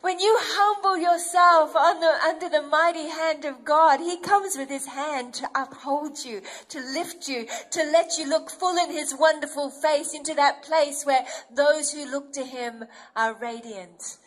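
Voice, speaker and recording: A woman with a high voice preaching a sermon. She speaks tenderly and with deep feeling, and her voice sometimes breaks with emotion. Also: a little slow, few pauses, fairly bright tone, low-quality recording.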